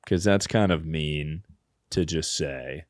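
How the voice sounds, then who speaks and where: A man's voice: a bass voice, slow pace, no echo, studio quality. A man hosting a podcast, giving crude, joking advice and laughing often. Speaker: podcast host. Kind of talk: casual comedic advice chat.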